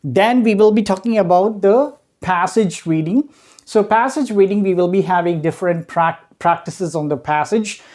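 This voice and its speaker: A woman giving a training talk on voice and accent, explaining step by step, often pausing with "uh" and checking in with "right?". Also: medium pitch, a little mellow. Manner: hesitant, frequent "uh" pauses.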